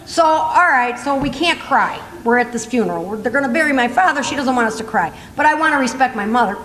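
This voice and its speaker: A woman in her sixties telling a funny family story on stage, in an animated, self-mocking manner, laughing often. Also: on the high side, fast talker. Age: 60s. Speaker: comedic storyteller. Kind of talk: stand-up storytelling. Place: conference hall stage. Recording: echoey hall, faint ambience.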